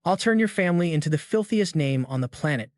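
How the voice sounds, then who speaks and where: An arrogant, spoiled young woman from a comic recap, as a male narrator reads her, haughty and sneering. The voice is a bit high for a man and sounds dry and close. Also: animated, fast, a little mellow, no echo, lightly acted.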